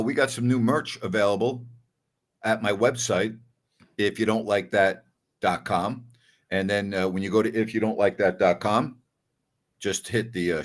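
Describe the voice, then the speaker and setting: An older man hosting a sports call-in show, blunt and emphatic when he argues. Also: lowish voice. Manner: blunt, gets loud and emphatic when arguing. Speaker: sports radio host.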